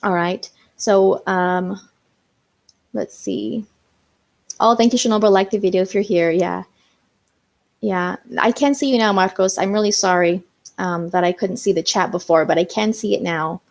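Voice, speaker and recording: A woman's voice: medium pitch, normal speed, vocal fry. A young woman hosting a casual live stream, chatting with viewers and reading out their comments, with lots of "um" and "you know". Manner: chatty, reads out viewer comments, many fillers.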